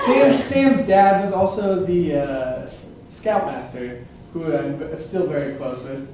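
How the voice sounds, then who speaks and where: A young man telling a personal story on stage in a casual, rambling way, laughing often and filling pauses. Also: on the high side, lively intonation, a crowd in the background. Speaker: improv show guest storyteller. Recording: echoey stage from far off.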